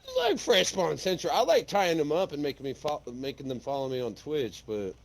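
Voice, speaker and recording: A man's voice: a little high, very animated, brisk, gravelly, low-quality recording. Laid-back man chatting on a podcast. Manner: laid-back, laughs often, swears casually. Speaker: podcast host. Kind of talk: casual gaming podcast chat.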